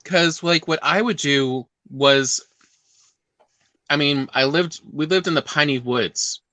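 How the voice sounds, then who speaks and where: A woman chats casually as a podcast co-host, often pausing to hunt for the right word. Her tone is bright and forward. It is recorded dry and close. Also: deep voice, dry recording. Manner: hesitant, searching for words. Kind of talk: casual chat.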